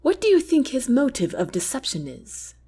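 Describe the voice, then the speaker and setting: A woman voicing a calm, kind young prince in an audiobook, speaking softly and earnestly. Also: high-pitched, normal speed, slightly rough, voice pushed up, exaggerated voice. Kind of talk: audiobook character reading.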